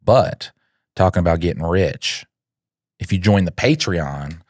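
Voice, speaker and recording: A man's voice: deep voice, unhurried, darkish tone, no room sound. A man co-hosting a comedy podcast, joking crudely and slipping into silly put-on accents. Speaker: podcast co-host.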